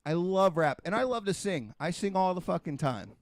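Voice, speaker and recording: Profane ranting man, slightly high voice. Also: lively intonation, moderate pace, dry recording, clean studio sound. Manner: heavily profane, emphatic ranting; repetitive, restarts and rhetorical questions. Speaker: podcast host. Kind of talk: casual podcast rant.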